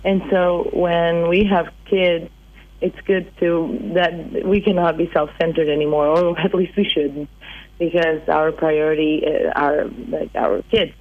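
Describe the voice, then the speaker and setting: A woman's voice: on the low side, flat delivery, measured pace, narrow, tinny audio. A woman in her thirties from Portugal who speaks English with a Portuguese accent, chatting in an interview. She talks hesitantly, with many fillers and restarts. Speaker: singer guest. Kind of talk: casual interview chat.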